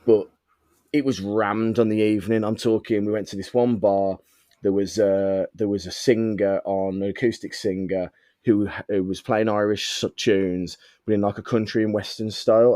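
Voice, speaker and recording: A man's voice: fairly low pitch, fairly even intonation, moderate pace, mellow, no room sound, studio quality. A young man from the of England, chatting casually and telling rambling stories with plenty of swearing. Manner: rambling storyteller, swears freely. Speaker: podcast host. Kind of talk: casual chat.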